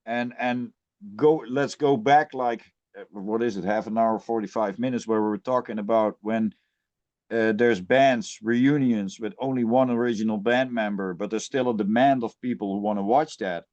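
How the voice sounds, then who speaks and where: A man's voice: lowish voice, moderate pace, darkish tone, highs cut off. A man who plays in a death metal band, ranting bluntly and with plenty of swearing in a casual podcast chat.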